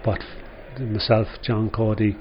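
A man's voice: on the low side, little pitch movement, slow pace, highs cut off, slight background noise. Older Irish man telling football stories. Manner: rambling anecdotes with frequent "you know". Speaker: former footballer guest. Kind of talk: storytelling interview.

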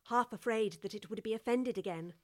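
A woman narrating a storybook in an even, measured reading voice. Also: a little high.

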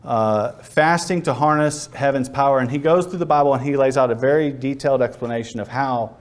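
A man's voice: medium pitch, a little fast. A man preaching a sermon who tells Bible ideas as vivid, acted-out stories. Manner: vivid storytelling, acts out scenes.

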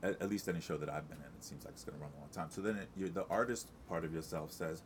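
Middle-aged man, very low voice, rambling chatty guest with faint hiss behind. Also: racing, few pauses. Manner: chatty, rambling with many restarts and fillers. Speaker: Broadway actor, guest. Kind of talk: casual interview chat.

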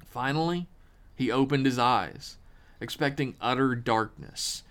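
A man hosting a podcast, reading a horror story aloud with measured, dramatic pauses. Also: medium pitch, a bit bright, clear, resonant tone.

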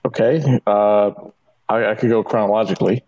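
A man's voice: on the low side, steady tone, normal speed, a little mellow, highs cut off. A man who is a guest on a podcast, answering quiz questions and stammering while he searches for answers. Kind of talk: casual podcast banter.

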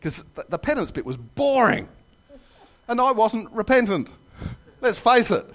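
A man preaching a sermon in a church, telling jokes and stories with lively asides. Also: high voice, unhurried. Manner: animated storytelling with jokes and asides. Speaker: pastor.

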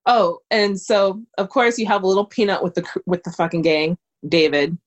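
A woman's voice: medium pitch, steady tone, moderate pace, muffled recording. A woman in casual chat, talking expressively about a film scene and how it made her feel.

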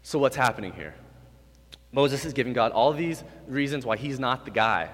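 A man in his twenties preaching a sermon to a live room, animated, moving between quiet, low remarks and loud, high bursts. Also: moderate pace. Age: 20s. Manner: animated, swings from quiet to loud and high when acting out God's lines. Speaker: youth pastor. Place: hall with an audience. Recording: reverberant hall.

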